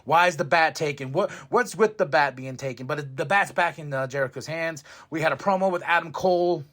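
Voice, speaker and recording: A man hosting a podcast, reviewing a wrestling show in a rambling, excitable way, laughing often and swearing freely. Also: on the high side, brisk. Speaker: podcast host.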